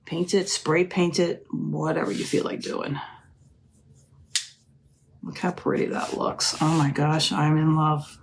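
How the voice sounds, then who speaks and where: Gushing low-voiced craft host woman. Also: level tone, takes it slowly, gravelly, long pauses, slight background noise. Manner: chatty, gushing, keeps calling viewers "ladies". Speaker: crafting live-stream host. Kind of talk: live craft demonstration chat.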